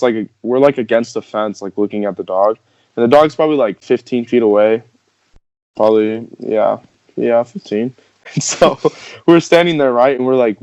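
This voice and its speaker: A man's voice: medium pitch, darkish tone, clean tone, no room sound. A young man telling a story casually on a podcast, rambling with many fillers and laughing as he goes. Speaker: podcast host. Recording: dull, dry podcast audio.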